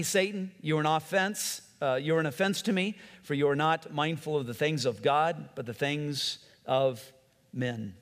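A man's voice: high-pitched, a bit bright, long reverb tail. A man preaching a sermon in a conversational way, acting out quotes and often restarting his sentences. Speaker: pastor.

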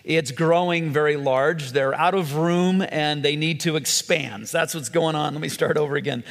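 A middle-aged man preaching a sermon as a pastor, telling the story in a conversational, animated way and acting out the voices of the people in it. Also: fairly high pitch, normal speed, creaky, hardly any pauses. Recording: long hall reverb.

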